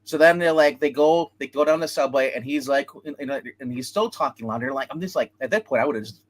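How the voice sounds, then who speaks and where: A man's voice: medium pitch, brisk. A man co-hosting a casual film review chat, rambling as he retells scenes and acts out quotes. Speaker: movie review show co-host.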